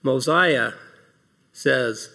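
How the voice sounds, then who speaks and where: A man's voice: mid-range voice, very slow, gravelly, pushed and bright. A man giving opening remarks in an earnest devotional talk, asking rhetorical questions and reading scripture aloud. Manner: reads scripture passages aloud. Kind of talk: devotional talk to a large audience.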